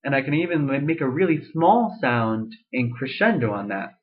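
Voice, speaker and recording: A man's voice: mid-range voice, big pitch swings, moderate pace. A young man giving a casual voice lesson, explaining vocal registers with fillers and restarts and breaking into sung demonstrations. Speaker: voice teacher. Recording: tinny lo-fi webcam audio.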